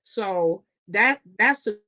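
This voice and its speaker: A woman hosting a live stream from home, chatting casually with viewers in a chatty, animated way with lots of restarts. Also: mid-range voice, slow pace. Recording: dull lo-fi stream audio.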